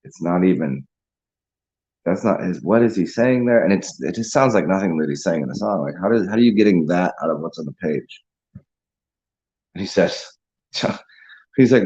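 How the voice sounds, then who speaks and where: A man's voice: sits low, animated, normal speed, pauses often, darkish tone, lo-fi sound. A man hosting a casual livestream, rambling, laughing and chatting with viewers over a beer. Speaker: livestream host.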